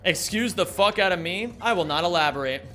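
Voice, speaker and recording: Male streamer, slightly high voice, bright, joking and profane in casual viewer chat. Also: brisk, soft background music. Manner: joking, excitable banter, swears freely. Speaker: live streamer. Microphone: streaming microphone.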